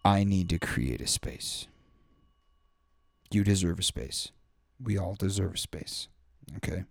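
Slow and animated, a young man hosts a podcast with a rambling, heartfelt solo rant that is profane and packed with fillers, a candid monologue. He has a low voice with vocal fry, recorded with clean studio sound and no echo.

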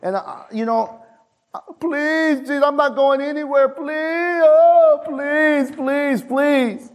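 A man voicing a desperate father who begs for his dying son, his voice climbing high as he pleads. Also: moderate pace, close to an everyday voice. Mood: pleading. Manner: pleading, rising to a high, strained wail.

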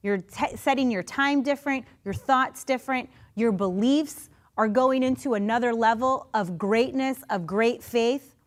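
A woman preaching a sermon in a conversational, animated way, with restarts and asides, sometimes acting out quoted voices. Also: fairly high pitch, measured pace. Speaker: pastor.

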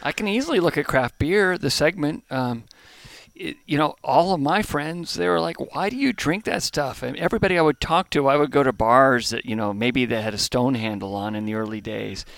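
Gravelly middle-aged man, reflective. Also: mid-range voice, fairly quick, a bit bright, no echo. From United States. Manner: thoughtful, restarts phrases while searching for words. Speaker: brewery founder, podcast guest. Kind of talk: reflective conversational interview. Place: home in Hawaii.

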